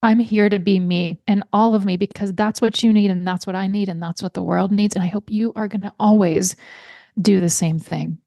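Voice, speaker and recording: A woman hosting her own health podcast, speaking in an earnest, heartfelt way and guiding listeners through slow breathing. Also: mid-range voice, fairly even intonation, gravelly, mellow, no room sound, studio quality. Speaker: podcast host. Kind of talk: podcast monologue.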